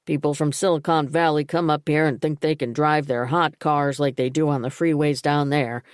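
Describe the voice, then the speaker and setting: A woman reading the part of a male police detective, measured and deferential, in an audiobook. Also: low voice, fairly even intonation, smooth, no room sound, studio quality, natural voice.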